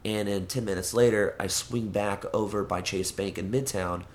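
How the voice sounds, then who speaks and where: A man's voice: fairly low pitch, fairly even intonation, normal speed, slight background noise. A young man in casual chat, telling stories with lots of swearing and acting out the voices of people in them.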